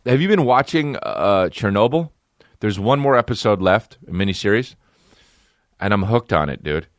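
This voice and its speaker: A man's voice: lowish voice, moderate pace, dry recording, clean studio sound. A man hosting a podcast who riffs profanely through a casual comedic rant. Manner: profane, animated, riffing.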